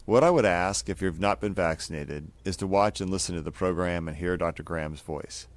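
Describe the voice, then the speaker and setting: Deep-voiced man making an earnest appeal. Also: brisk, dry recording. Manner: earnest, sincere. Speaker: doctor and co-host.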